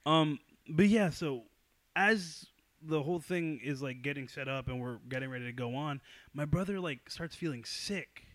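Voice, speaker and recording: A young man hosting a casual podcast chat, excitable and swearing often, breaking into loud laughter. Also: fairly high pitch, moderate pace, dry recording. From New York. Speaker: podcast host.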